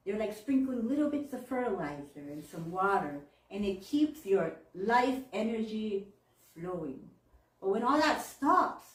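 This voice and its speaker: A woman's voice: medium pitch, darkish tone. A woman, giving a chatty, heartfelt sermon with frequent laughs and Japanese phrases. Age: 40s. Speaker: minister. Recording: echoey room, mic far off.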